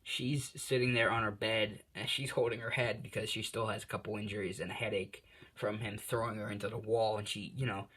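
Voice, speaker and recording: A man's voice: lowish voice, steady tone, a little fast, a bit bright, breathy edge. A young man improvising a fan story narration, rambling with many fillers and self-corrections.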